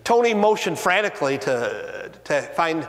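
Slow, lively preaching man in a church hall. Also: on the high side. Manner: earnest preaching, rising and falling emphasis, slow deliberate delivery. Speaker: pastor. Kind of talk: sermon. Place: church sanctuary. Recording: long reverb of a church hall.

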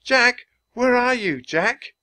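A man's voice: sing-song, moderate pace, a bit bright, full character voice. A man doing a squealing eager little girl. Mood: excited. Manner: high squealing cries. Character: excited eager young girl.

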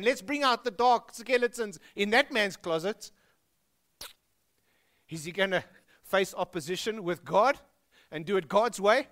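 A man's voice: measured pace, long pauses. Emphatic South African preacher man. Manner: animated, emphatic, dropping low for emphasis. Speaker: pastor. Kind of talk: sermon.

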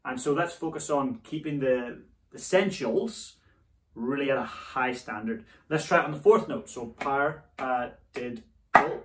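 This man's medium-pitched voice has a lively intonation and a normal speed as he runs an instructional drumming lesson. He calls out rudiment syllables and cheers his students on, heard in an echoey room a little away from the mic.

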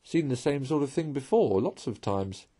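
A man reading a storybook aloud and voicing a small, fussy male mole who talks in a plaintive, petulant way with a husky voice. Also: medium pitch, animated, normal speed, mellow, pitched above the performer's own voice.

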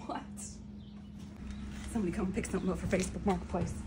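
A woman reselling returns, chatting excitedly to viewers as she unboxes, over-caffeinated and talking a mile a minute. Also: on the low side, fast, heavy background noise. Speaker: reseller vlogger. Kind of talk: casual unboxing vlog.

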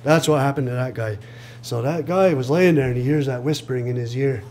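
A man telling a traditional story aloud to an audience in a lively way, acting out the voices and chuckling at his own jokes. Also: medium pitch, a little fast, a little hiss or hum. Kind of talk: live oral storytelling. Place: live reading event.

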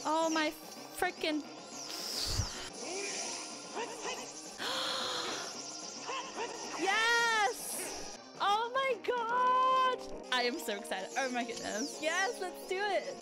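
High, lively, slow-talking woman streamer. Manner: excitable, gasping and laughing reactions. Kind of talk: let's-play commentary. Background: game music.

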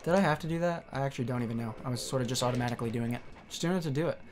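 A man giving profane, joking commentary as he plays a video game, reacting loudly to the screen. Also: medium pitch, very fast, slight background noise. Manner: excitable, swearing, joking at the screen. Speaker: let's play streamer.

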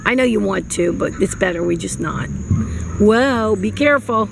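A woman's voice: medium pitch, normal speed, vocal fry, noisy background. A mother filming her toddler outdoors at a playground, coaxing him along in sing-song baby talk. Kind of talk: home video chat.

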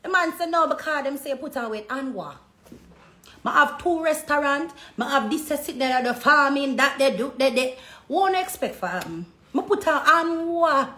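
A social media personality with a Jamaican accent chats on a phone livestream from a hair salon, her voice sitting high at a moderate pace. She tells stories in animated patois and performs the voices of those she quotes. The room is echoey, with faint background noise.

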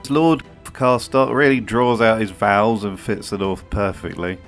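A man's voice: lowish voice, steady tone, measured pace, soft background music. A man giving scripted commentary for a video, sarcastic and profane in his remarks.

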